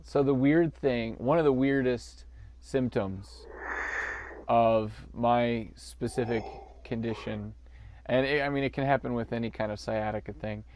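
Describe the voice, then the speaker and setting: A man's voice: medium pitch, steady tone, measured pace, darkish tone, slight background noise. A man co-hosting a podcast, riffing on a movie in jokey, rambling banter and laughing often. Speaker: podcast co-host.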